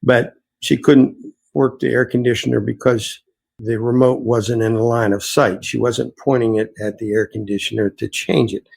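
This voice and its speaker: A man's voice: medium pitch, steady tone, normal speed, gravelly, darkish tone, breathy edge, poor audio. A man, an innkeeper, earnestly telling reflective, rambling stories as an interview guest. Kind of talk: storytelling interview answers.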